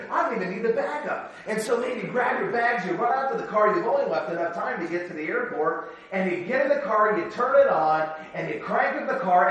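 Male preacher, sermon, bright ringing voice, far from the mic, echoey hall, soft asides and shouted exclamations. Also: high voice.

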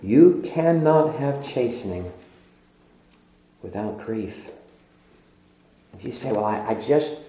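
A man's voice: mid-range voice, expressive, takes it slowly, long pauses, dark tone. A middle-aged man preaching a sermon, emphatic, repeating phrases and laughing often. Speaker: pastor. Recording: echoey room.

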